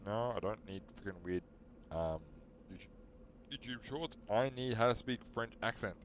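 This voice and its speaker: Low-voiced man muttering on stream. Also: normal speed, dull audio, a little hiss or hum. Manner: muttering to himself while searching. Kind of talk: casual live-stream chat.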